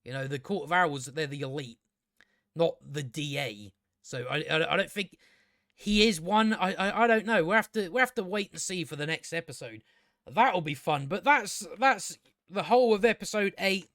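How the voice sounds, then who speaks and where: A man's voice: a little high, normal speed, a bit bright, no echo, clean studio sound. A young man giving a casual, rambling, sarcastic TV episode review, swearing freely and restarting his sentences often.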